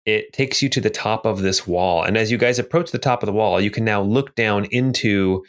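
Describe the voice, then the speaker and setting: A man narrating a tabletop game as game master, relaxed, with many ums and restarts. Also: lowish voice, moderate pace.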